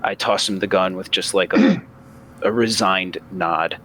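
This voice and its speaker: A male player at a tabletop game speaks calmly and matter-of-factly in a low voice. Faint background noise sits under him. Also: measured pace.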